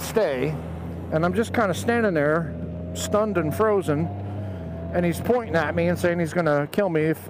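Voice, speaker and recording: Middle aged guy telling a story on his bike, helmet mic, bit high voice, road noise behind him. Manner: animated storyteller, acts out quoted voices. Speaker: motovlogger. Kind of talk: casual storytelling. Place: outdoors on a motorcycle. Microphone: helmet headset mic.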